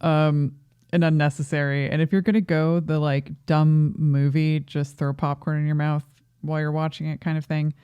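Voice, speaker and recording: A woman's voice: low voice, little pitch movement, normal speed, clean tone, no room sound, lo-fi sound. A woman co-hosting a movie review podcast in casual chat, opinionated and questioning, laughing often. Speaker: podcast co-host.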